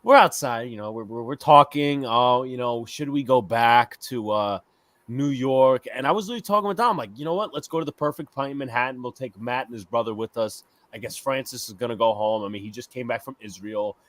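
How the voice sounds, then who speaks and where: A man co-hosting a casual sports podcast, telling stories in a profane, animated way. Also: mid-range voice, brisk, dry recording. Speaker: podcast host.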